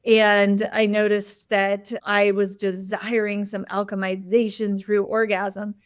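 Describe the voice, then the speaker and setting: A woman's voice: mid-range voice, level tone, slow, clean tone, no room sound, studio quality. A woman hosting a conversation, telling a candid personal story in a loose, open way with frequent "like" and "you know" fillers. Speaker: host.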